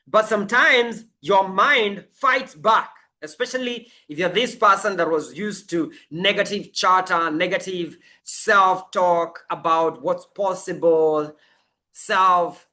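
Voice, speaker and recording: A life coach speaks slowly and deliberately, with a bright, forceful tone. The talk is motivational and emphatic, driving each affirmation home through repetition. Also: mid-range voice.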